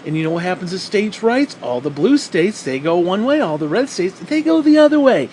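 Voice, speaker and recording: A man's voice: high voice, big pitch swings, a little fast, darkish tone, a little hiss or hum, rough recording. A man ranting in a profane, heated monologue, sarcastic and mocking, swearing constantly. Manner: mocks others in put-on quoted voices. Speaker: vlogger.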